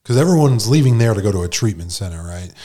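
Lowish-voiced New York man telling a story. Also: fast. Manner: animated, slangy, acts out quoted voices. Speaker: guest. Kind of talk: casual storytelling.

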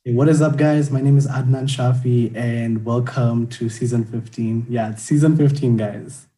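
A man's voice: medium pitch, fairly even intonation, moderate pace, warm tone. A young man hosting a podcast, chatting casually and laughing often. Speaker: podcast host.

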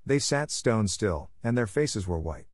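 Low-voiced man reading a storybook. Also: lively intonation, a little slow, a little mellow, no echo, studio quality. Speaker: audiobook narrator. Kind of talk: storybook narration for English learners.

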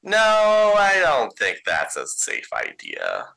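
A man's voice: lowish voice, slow pace, sharp tone, full character voice, rough recording. A man voicing a nervous, shaky-voiced man on the phone who stammers and hesitates.

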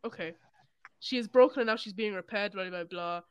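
A young man co-hosting a casual podcast, excitable and profane as he reads out odd news stories. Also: high-pitched, fairly quick, a crowd in the background. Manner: excitable, swearing, laughs while reading news. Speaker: podcast co-host.

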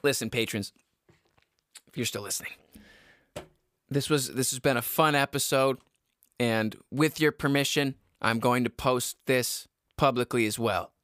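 A man's voice: mid-range voice, unhurried, long pauses, fairly bright tone. A man hosting his own podcast, ranting in a profane, exasperated way with self-mocking laughs, recorded in a basement at home. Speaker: podcast host. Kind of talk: casual ranting monologue.

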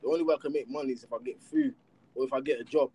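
A man with children, talking in a casual chat, animated and rhetorical with heavy street slang. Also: medium pitch, rapid-fire, husky. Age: adult with children.

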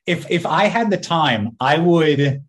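A man's voice: a little high, expressive, slow pace, a little hiss or hum. A man co-hosting a podcast, chatting in an easygoing way and laughing often. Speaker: podcast co-host. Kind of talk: casual chat.

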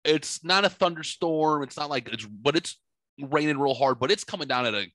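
A middle-aged man hosting a casual chat, telling rambling, profane, animated stories from his home studio. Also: a little high, normal speed, no echo. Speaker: podcast host.

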